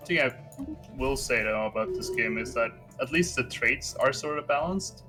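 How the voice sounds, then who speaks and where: A young man chatting while gaming, relaxed and halting, hedging with lots of fillers. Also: medium pitch. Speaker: gamer. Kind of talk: casual gaming chat. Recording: game music behind the voice.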